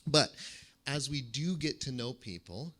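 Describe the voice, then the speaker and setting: Bright-voiced man preaching. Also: medium pitch, a little slow. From United States. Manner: animated storytelling with gentle humor. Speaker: pastor. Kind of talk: sermon.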